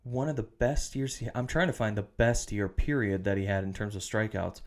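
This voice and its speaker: A man's voice: fairly low pitch, fairly even intonation, a little fast. Podcast co-host, male, casual chat, steers the talk and reads off numbers. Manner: leads the segments, reads out stats.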